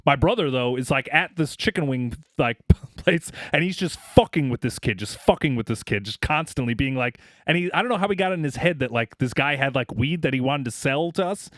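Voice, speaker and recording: In casual storytelling chat, a podcast co-host spins long, rambling, profane tales, leaning heavily on "like" and "you know." He speaks fairly quickly in an expressive, medium-pitched, slightly bright voice. The audio is studio quality without echo.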